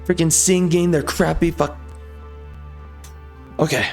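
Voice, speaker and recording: Male gameplay host, bitter sarcastic ranter, slightly high-pitched, faint game music under him. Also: fairly even intonation, takes it slowly, gravelly. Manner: angry, sarcastic, mocking. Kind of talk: ranting commentary over gameplay.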